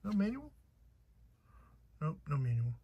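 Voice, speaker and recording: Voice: medium pitch, big pitch swings, unhurried, warm tone, breathy edge, highs cut off. A chatty unboxing vlogger with a slight accent who talks playfully to viewers and cracks jokes along the way. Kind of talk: casual unboxing chat.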